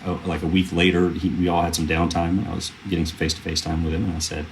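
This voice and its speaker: A man's voice: low voice, flat delivery, fast talker, slight background noise. A man in his thirties, a film producer, telling earnest stories in a casual interview, rambling with fillers and restarts. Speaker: film producer, podcast guest.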